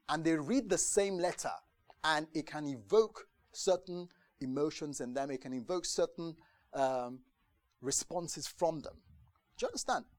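A man preaching a conversational sermon to a congregation, lively and chatty, acting out the voices he quotes and often asking if they understand. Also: a little high, no echo. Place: church gathering in the UK.

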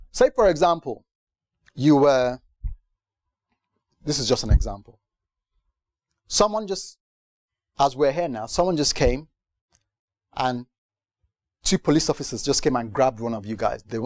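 A man preaching a sermon to a gathering, animated, moving from hushed tones to loud emphatic questions. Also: mid-range voice, dry recording, studio quality. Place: church gathering.

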